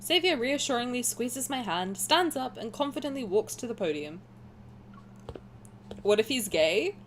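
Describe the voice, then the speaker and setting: Posh english girl streaming a game, talks all over the place pitch-wise, rambly asides. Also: moderate pace, a little hiss or hum. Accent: posh southern English. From south of England. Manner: chatty, animated, rambling asides. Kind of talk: gaming commentary and reading aloud.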